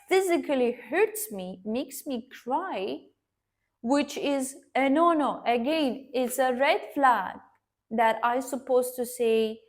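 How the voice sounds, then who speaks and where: A woman earnestly recounting a personal story to her viewers, addressing them directly and pausing to restart her sentences. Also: high-pitched. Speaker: vlogger sharing a personal story.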